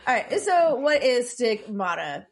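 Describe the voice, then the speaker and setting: A woman's voice: fairly high pitch, sing-song, a little slow. Chatty woman podcast co-host. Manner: chatty, apologetic asides, reads definitions aloud. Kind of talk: casual chat, reading lore notes.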